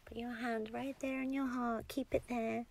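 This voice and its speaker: A woman's voice: a little high, flat delivery, normal speed, gravelly. A woman in a whispered role-play as a comforting partner, tender and coaxing, often giggling and dropping into whispers.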